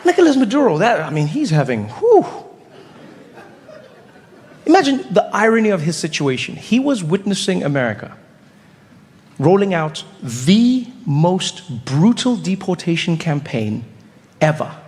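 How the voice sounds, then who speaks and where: Male stand-up comic, lively storytelling, fairly high voice, long hall reverb, faint room noise. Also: unhurried, pauses often. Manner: animated storytelling, jumps into character voices. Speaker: stand-up comedian. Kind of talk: stand-up comedy.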